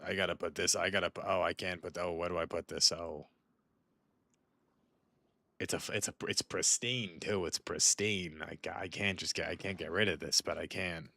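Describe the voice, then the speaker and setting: Low, bright, and forceful, this young man's voice holds a steady tone with vocal fry at a moderate pace. He's streaming a video game, rambling through casual commentary, interrupting himself, and talking to a friend off-mic.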